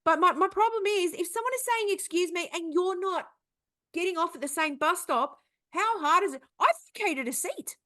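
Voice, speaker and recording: A woman's voice: very high-pitched, moderate pace, a bit bright. A young woman co-hosting a podcast, telling a story in casual, profane chat. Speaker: podcast co-host.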